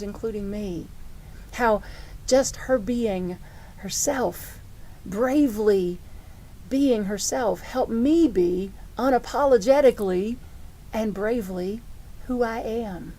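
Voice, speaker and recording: Warm-voiced middle-aged woman pastor. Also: mid-range voice, a little hiss or hum. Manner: heartfelt, personal storytelling with frequent restarts. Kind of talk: conversational sermon.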